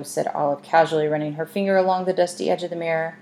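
A woman's voice: low voice, vocal fry, a little hiss or hum. Woman reading a children's storybook aloud. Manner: measured, expressive reading. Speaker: narrator. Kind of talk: audiobook narration.

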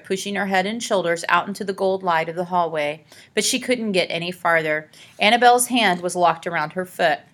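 A woman reading a children's adventure story aloud as narrator, dramatic and hushing for tense scenes. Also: on the low side. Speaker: audiobook narrator. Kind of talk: scripted narration.

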